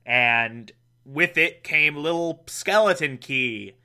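Young male host, casual sarcastic recap, slightly high bright voice. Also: clear, resonant tone. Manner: sarcastic, laughs often, does quick mock voices. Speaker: podcast host recapping a show.

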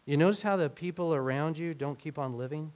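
A man's voice: a little high, brisk, darkish tone. Conversational man preaching a sermon. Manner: conversational, acts out quoted speech with rising emphasis. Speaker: pastor.

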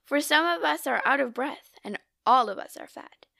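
Anxious little storybook oysters, pleading and fretful, as a woman reads them. The voice is slightly high with a gravelly grain, close and dry. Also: animated, normal speed, sharp tone, dry recording, exaggerated voice.

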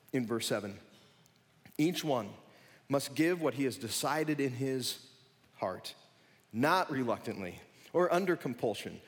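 A man's voice: a little high, long reverb tail. A middle-aged male pastor preaching a sermon, building to emphatic bursts and asking the congregation questions. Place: church sanctuary.

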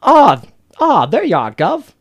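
A man putting on a gruff, put-on voice to imitate a blunt, scornful British male antihero, with growly, clipped slang. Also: extremely high pitch, huge pitch swings, a little slow, no room sound, studio quality, voice pushed up, exaggerated voice. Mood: mocking.

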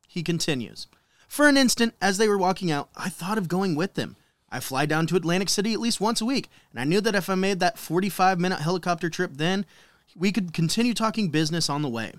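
Brief: a man co-hosting a podcast, slightly high-voiced, wry and giggly, dry close sound. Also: animated, fast, no room sound. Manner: laughing, reads quotes with wry asides. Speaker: podcast co-host. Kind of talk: casual storytelling chat.

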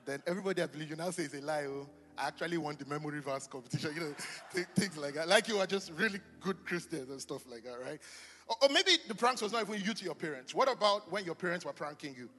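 Animated male pastor in a reverberant church. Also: on the high side, quick pace. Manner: animated, chatty, jokes with the congregation. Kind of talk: sermon. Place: church hall with long reverb. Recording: live church hall reverb.

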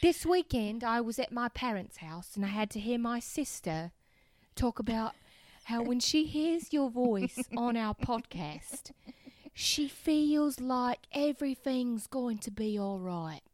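A woman co-hosting a podcast in casual chat, animated and quick to laugh. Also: a little high, no room sound. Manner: animated, laughs often, gets loud when joking. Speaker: podcast co-host.

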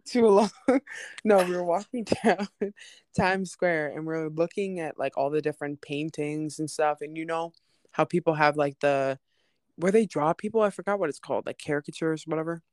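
A woman's voice: deep voice, moderate pace, darkish tone, no echo, studio quality. A young woman telling a story in casual chat, laughing often and acting out the people she quotes. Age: young adult.

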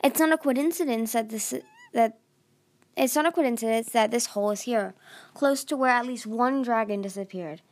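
A woman's voice: fairly high pitch, normal speed, close to an everyday voice. A woman doing Glory, a stubborn young dragon. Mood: determined. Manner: determined, snappish. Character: stubborn sharp-tongued young female dragon.

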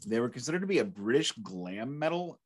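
A man's voice: medium pitch, sing-song, brisk. Curious man in casual podcast chat. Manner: conversational, curious, asks questions. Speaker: podcast co-host.

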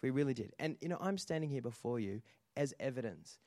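A man preaching a lively sermon, telling stories and calling out to the congregation for responses. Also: mid-range voice, a little fast, dry recording. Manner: animated storytelling with audience call-outs. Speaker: pastor.

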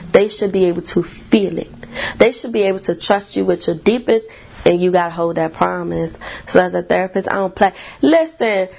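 Woman, therapist-podcaster, gravelly edge, blunt profane storyteller. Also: medium pitch. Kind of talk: storytelling monologue.

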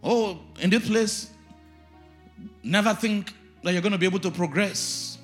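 A man, a pastor, preaching a sermon with shouted lines and sing-song call-and-response. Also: high-pitched, measured pace, faint music behind.

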